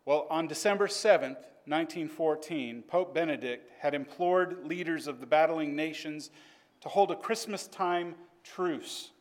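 A man telling a story to a class in an earnest, measured way. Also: a little high.

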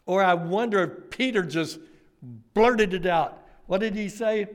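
A man preaching a sermon, retelling scripture with lively storytelling and speaking directly to children. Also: high voice, unhurried. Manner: animated storytelling, addresses kids directly.

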